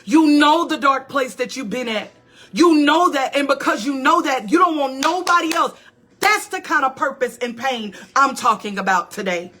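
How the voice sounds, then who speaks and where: A woman pastor delivers a motivational talk in a preaching style. Her voice sits high and rings bright. She hammers phrases through repetition and calls out to listeners as she goes. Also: animated, moderate pace. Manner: emphatic and repetitive, calling out to listeners.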